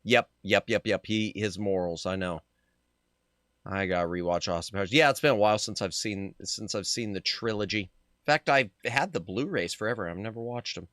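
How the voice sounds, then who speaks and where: Animated guy streaming a game, bright crisp voice, dry close mic. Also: lowish voice, normal speed, dry recording. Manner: animated, playful, shouts reactions. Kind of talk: live game commentary.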